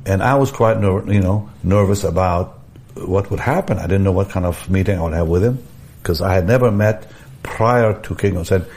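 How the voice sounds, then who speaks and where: An older man telling a personal story in an interview, animated, often repeating words, restarting phrases and chuckling. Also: low voice, normal speed. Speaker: evangelist guest telling a story.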